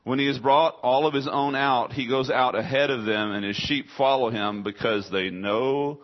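Male pastor, mid-pitched, conversational sermon delivery, lo-fi recording. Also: moderate pace. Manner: conversational preaching, rhetorical questions, voices listeners' objections.

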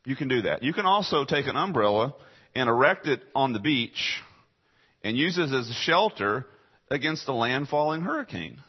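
Husky preacher swinging from hushed to loud. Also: male voice, medium pitch, big pitch swings, normal speed, dull audio. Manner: dramatic swings between quiet asides and raised emphatic lines. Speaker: pastor. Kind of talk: sermon.

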